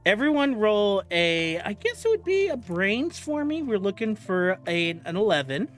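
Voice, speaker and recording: A woman's voice: mid-range voice, very animated, moderate pace, soft background music. A woman running a tabletop game as game master, narrating in a casual, chatty way.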